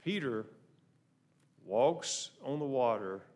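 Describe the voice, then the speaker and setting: A man preaching a sermon, moving between loud emphatic lines and soft, quiet asides. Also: medium pitch, lively intonation, takes it slowly. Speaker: pastor.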